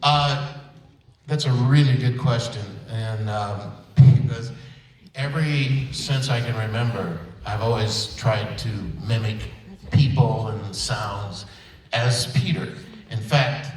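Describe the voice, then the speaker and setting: On a convention panel, an older voice actor takes his time telling stories in a playful, self-deprecating, wandering way. His mid-range voice comes through a distant mic in an echoey auditorium, with slight background noise.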